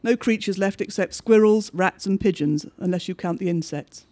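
A man with a notably high voice reads a bleak diary-style story aloud. His delivery is measured and understated, with each entry set down plainly. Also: a little mellow. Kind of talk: scripted narration of a diary story.

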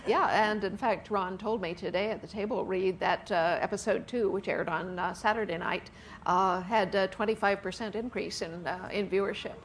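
A woman's voice: mid-range voice, fairly even intonation, moderate pace, slight background noise. A woman author being interviewed on stage at a festival, talking chattily with frequent laughs and "uh" fillers. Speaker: author guest. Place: book festival event with audience.

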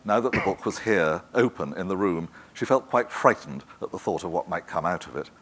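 A man narrating a literary novel in a measured, even manner. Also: low voice, husky. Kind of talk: scripted audiobook narration.

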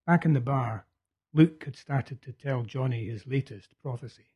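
A man narrating a novel aloud in a steady, low-key way. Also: normal speed, husky. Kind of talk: audiobook narration.

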